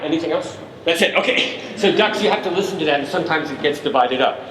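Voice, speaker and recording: A man's voice: a little high, lively intonation, fast talker, a bit bright, a little hiss or hum. A man leading a family concert, playfully coaching the audience to make animal sounds on cue and imitating them himself. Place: large concert hall. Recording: echoey hall recorded from far off.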